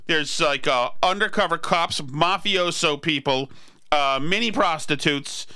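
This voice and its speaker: A man's voice: fairly high pitch, a little slow, pushed and bright, clean tone, dry recording. A man in his forties hosting a podcast who tells a story in a rambling, self-deprecating way. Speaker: podcast host. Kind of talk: casual storytelling chat.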